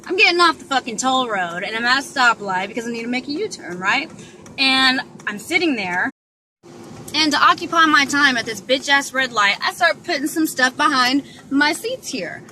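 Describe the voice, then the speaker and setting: A young woman from Dallas telling a storytime vlog in a profane, animated way. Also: sits high, normal speed, slight background noise. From Dallas, Texas. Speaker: vlogger.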